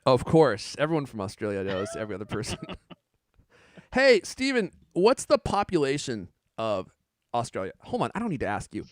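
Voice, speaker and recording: A medium-pitched man whose voice swoops wildly co-hosts a live tech podcast, streamed on camera from a home studio. He talks at a moderate pace, chatty and often laughing as he reads viewer comments, with no room sound.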